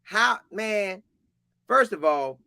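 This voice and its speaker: A man hosting a podcast interview, hyping up his guest in loud, slangy talk. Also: sits high, animated, extremely slow, gravelly, smooth, no echo, studio quality. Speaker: podcast host. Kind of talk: hyped show intro and interview.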